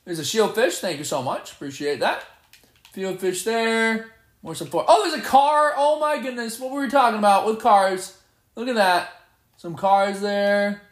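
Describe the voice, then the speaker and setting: A man giving live gameplay commentary, excitable and playfully boastful as he trash-talks. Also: high-pitched, normal speed, reverberant. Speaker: gamer.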